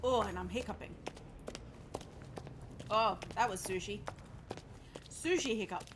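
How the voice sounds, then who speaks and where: Her mid-range voice comes at a measured pace over a noisy background, game music playing as she streams through a webcam setup. Talking to her chat while she plays, she's chatty, jokey and liberally profane.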